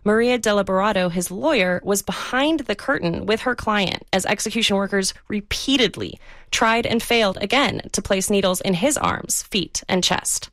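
Female news correspondent, mid-range pitch, steady factual delivery, dry studio mic. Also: normal speed, no echo. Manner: even, factual reporting. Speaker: investigative correspondent.

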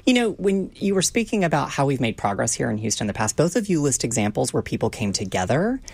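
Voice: medium pitch, very animated, fast talker, vocal fry, a little mellow, slightly rough, no echo. A guest community organizer speaking in an upbeat, affirming way, often adding "right?". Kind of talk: talk-show discussion.

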